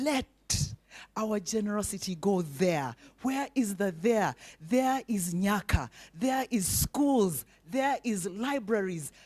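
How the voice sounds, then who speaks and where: A woman delivers an inspirational keynote at a breakfast event. She speaks slowly and emphatically, leaning on repetition and rhetorical questions. Her voice sits at an ordinary middle pitch for a woman. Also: a little mellow. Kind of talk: inspirational speech with call-and-response.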